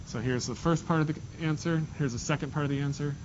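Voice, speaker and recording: Talking fast in a fairly high, steady voice, a male math teacher guides students through problems one step at a time and drops in jokey asides. The classroom lesson was recorded in dull lo-fi with a faint hiss.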